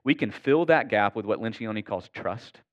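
A man's voice: fairly low pitch, expressive, moderate pace. A man who is a pastor, preaching a sermon in an earnest, conversational way and often checking in with the congregation.

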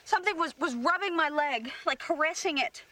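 A woman's voice: sits high, lively intonation, fairly quick, bright, forceful tone. An actress playing a frightened young woman in a film, talking in an insistent, rattled way. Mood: upset. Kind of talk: film dialogue.

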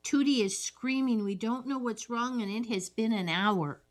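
A woman's voice: a little high, moderate pace. A woman co-hosting a casual chat, adding wry asides and reactions while recapping a story. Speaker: podcast co-host.

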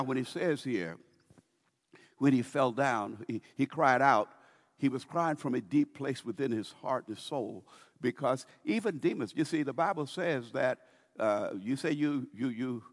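Lively-voiced male preacher in a reverberant hall. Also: medium pitch. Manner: emphatic, drawn-out preaching with many restarts. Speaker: pastor. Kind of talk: sermon. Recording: long reverb of a large hall.

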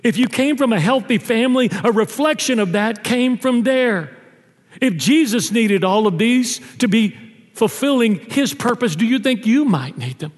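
A male pastor preaching a sermon in a church, telling stories and dropping low and soft on tender lines. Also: expressive, normal speed. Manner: storytelling, drops low and soft on intimate lines. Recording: long reverb of a church hall.

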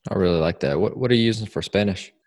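A man moderating a panel, with upbeat, quick remarks and questions. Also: on the low side, a little mellow.

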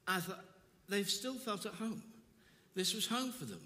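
A man's voice: sits high, very animated, measured pace, bright, forceful tone. An older man preaching a sermon with passion, repeating his phrases for emphasis. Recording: long reverb of a large hall.

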